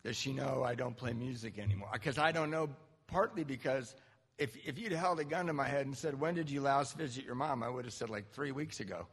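A man sharing a candid, self-mocking recovery story to a group, with halting restarts. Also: a little high, fairly bright tone, slightly rough, in a large hall. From Southern California. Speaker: recovery speaker. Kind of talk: personal story talk.

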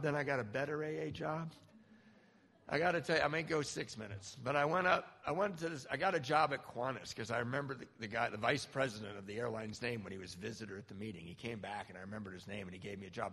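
A middle-aged man giving a personal recovery testimony, animated storytelling with acted-out quotes. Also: on the high side. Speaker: speaker sharing a recovery story. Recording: long hall reverb.

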